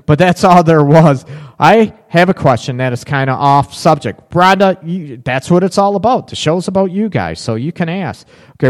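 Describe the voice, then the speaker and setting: A middle-aged man hosting a live relationship advice show, chatting casually and reading out viewer comments. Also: medium pitch. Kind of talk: live call-in advice talk.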